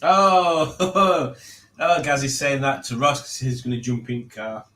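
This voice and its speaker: A chatty man reads his viewers' messages aloud on a live stream, cracking jokes and laughing often. His voice is bright and forceful, and it rings in a roomy, echoey space. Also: mid-range voice, lively intonation, takes it slowly. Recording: roomy echo.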